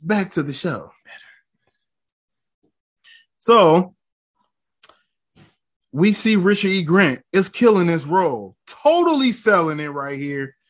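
Young male podcast co-host, casual recap chat, higher-pitched, slangy, laughs easily. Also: slow pace, pauses often. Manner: animated, laughs often, slangy.

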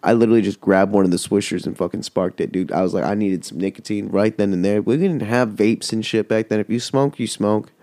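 Low, mellow-voiced man telling a rambling story. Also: brisk, few pauses, no room sound. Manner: rambling and heavily profane. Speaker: podcast host. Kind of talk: casual storytelling.

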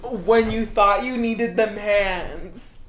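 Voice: mid-range voice, slow. A podcast co-host riffing crudely on videos, swearing constantly and laughing often. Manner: crude, profane, laughs often, calls people bitch. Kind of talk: casual comedic banter reacting to videos. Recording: echoey room with loud music behind.

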